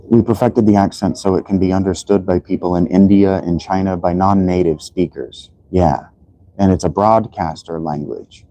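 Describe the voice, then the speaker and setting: A man's voice: sits low, fairly even intonation, moderate pace, warm tone, poor audio. A man from the United States hosting a livestream, lecturing in a rambling way with many restarts and fillers. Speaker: livestream host. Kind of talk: casual livestream monologue.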